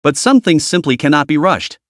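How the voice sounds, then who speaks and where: A man voicing a kindly elderly male opera master on the phone, speaking slowly and soothingly. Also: on the high side, sing-song, a bit bright, no echo, clean studio sound. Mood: gently pitying.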